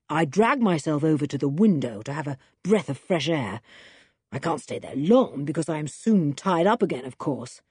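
A woman voicing a kidnapped adult male scientist who talks in an earnest, hurried way, in an audiobook reading. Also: on the high side, darkish tone, breathy edge, no echo, clean studio sound, voice pushed down. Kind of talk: audiobook character voice.

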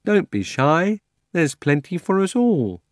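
A man voicing a kindly, easygoing talking horse in an audiobook, speaking slowly as if his mouth were full of grass. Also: a little high, sing-song, dry recording, studio quality, pitched above the performer's own voice. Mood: placid. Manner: slow, chewing, mouth-full speech. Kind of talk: audiobook character voice.

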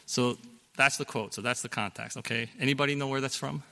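Middle-aged male pastor, conversational sermon delivery, bright tone, church hall with a long echo. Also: mid-range voice, fairly even intonation, brisk, creaky. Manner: conversational, explanatory, with fillers and self-corrections.

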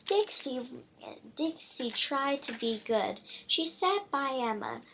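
A woman reading a picture book aloud, halting and often stumbling and restarting. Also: sits high, animated, fairly bright tone, a little hiss or hum. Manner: halting, with frequent slips and restarts.

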